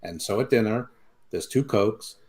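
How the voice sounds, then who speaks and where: Low-voiced rambling man recapping wrestling. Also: measured pace, a little mellow. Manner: rambling storyteller, swears, many restarts. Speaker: podcast co-host. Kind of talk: casual wrestling recap chat.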